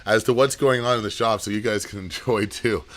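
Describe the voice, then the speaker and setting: A man's voice: fairly low pitch, fairly even intonation, fairly bright tone. A man who owns a comic shop, running a live auction and telling rambling shop stories in casual chat. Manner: rambling storyteller, quick asides.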